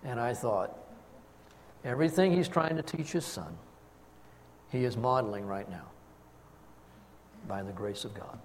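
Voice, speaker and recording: An older man, a grandfather, preaching a sermon and telling a family story with lively, acted-out quotes. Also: mid-range voice, a little slow, pauses often, in a large hall, a little hiss or hum. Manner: storytelling, animated, acts out quotes. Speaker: pastor.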